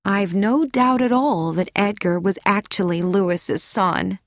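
A woman reading an audiobook, voicing a gentle, humble elderly woman who speaks softly and earnestly. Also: medium pitch, measured pace, no room sound, clean studio sound, close to an everyday voice. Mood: earnest wistful.

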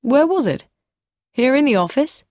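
A woman voicing a calm, probing police inspector who questions in a measured, persistent way. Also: sits high, no echo, studio quality, pitched above the performer's own voice.

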